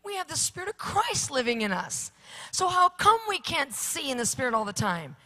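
Bright-voiced woman preaching emphatically. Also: high-pitched, sing-song, moderate pace. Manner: emphatic, repetitive preaching cadence. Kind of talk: sermon.

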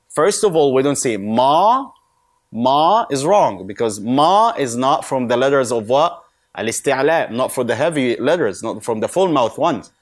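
A man teaching correct Quran recitation. He stretches out model words slowly, then explains quickly and asks questions that he answers himself. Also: medium pitch, lively intonation. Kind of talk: recitation lesson.

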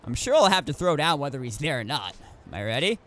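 A man's voice: mid-range voice, big pitch swings, fast, a bit bright. A man giving casual commentary while streaming a video game, rambling and often restarting his sentences. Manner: rambling, self-correcting with many restarts.

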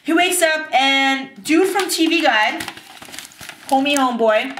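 A bubbly young woman chats through a TV episode recap, acting out scenes in silly voices. Her voice sits high and bright. It rings in an echoey bathroom. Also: measured pace, recorded from a distance, slight background noise. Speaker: TV recap vlogger. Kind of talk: casual TV recap vlog. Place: bathtub.

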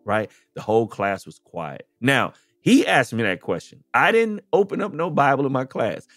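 A man's voice: mid-range voice, big pitch swings, moderate pace, a bit bright, no echo, clean studio sound, soft background music. A man from the United States, a podcast guest, speaking in a casual, earnest conversational way and often saying "you know".

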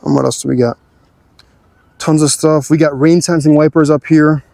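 A man's voice: on the high side, steady tone, moderate pace, creaky, dark tone, dry recording. A young man hosting a car channel, giving an easygoing, chatty walkthrough of his car's features.

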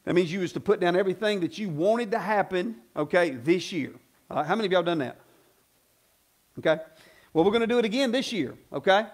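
Pastor, male, high voice, folksy sermon delivery that swings into loud emphatic preaching. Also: animated, fairly quick. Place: church sanctuary.

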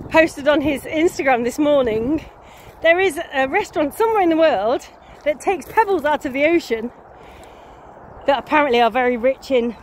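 A woman in her fifties with a Nottingham English accent, rambling playfully to her phone as she walks a country lane. Her voice sits high, with a sniffly edge. Faint outdoor noise hums behind her. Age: 50s. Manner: chatty, whimsical, playful with made-up words. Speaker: vlogger. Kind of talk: casual rambling chat to camera.

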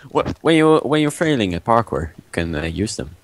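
A young Dutch man chatting casually over a game in English, with a Dutch accent, pausing often with uhs. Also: mid-range voice, no room sound. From Netherlands. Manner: hesitant English with many uhs. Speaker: gaming YouTuber guest. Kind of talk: casual gaming chat.

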